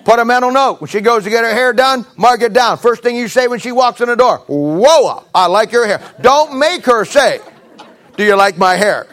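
A man's voice: very high-pitched, fairly quick, a bit bright. A middle-aged male pastor preaching a sermon in a folksy, emphatic, storytelling way.

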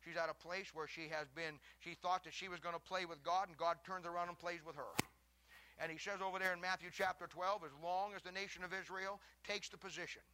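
High, bright-voiced preacher. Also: male voice, fairly even intonation, a little fast, slight background noise. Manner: fiery, shouting in the first half, then lower and conversational with asides. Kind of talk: sermon.

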